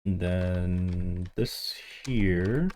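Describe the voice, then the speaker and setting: A man's voice: low-pitched, extremely slow. A man streaming a game, chatting casually and animatedly to the players with him. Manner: animated, yelps and laughs, chats to other players.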